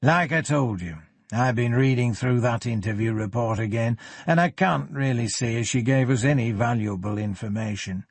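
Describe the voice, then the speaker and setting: Guy putting on a gruff yorkshire police boss, slow and blunt, low-ish voice, dry close sound. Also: no room sound. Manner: blunt, unhurried, plain-spoken. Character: gruff older male Yorkshire police superintendent.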